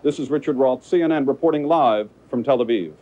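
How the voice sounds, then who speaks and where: A man delivers a live field report in a mellow, even voice. The sound is muffled and lo-fi, and he speaks plainly with the odd filler. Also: mid-range voice, brisk. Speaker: correspondent in the field.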